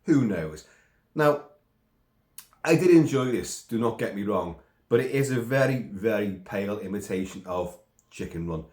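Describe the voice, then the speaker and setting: A man's voice: fairly low pitch, animated, moderate pace, darkish tone, reverberant. A man, sick and coughing, giving a rambling casual film review with asides and mild swearing.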